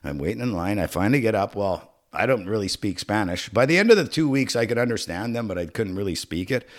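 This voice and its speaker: A man's voice: lowish voice, animated, fast talker. A middle-aged man co-hosting a podcast, telling a long story in casual chat, swearing often and acting out the voices and sound effects. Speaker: podcast co-host.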